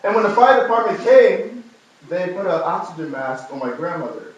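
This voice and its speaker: A man's voice: moderate pace, dull audio. Casting: young man from new york, storytelling testimony, heard from far off in a very echoey hall. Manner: storytelling, humorous asides, animated rises in pitch. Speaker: speaker giving a testimony. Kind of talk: personal testimony to a live audience.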